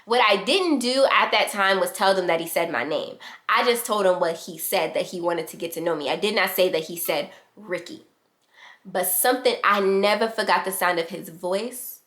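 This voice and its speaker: A young adult woman vlogger telling a casual storytime in a fast, animated way, acting out the quotes. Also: mid-range voice. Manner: fast-talking, animated retelling with quoted voices.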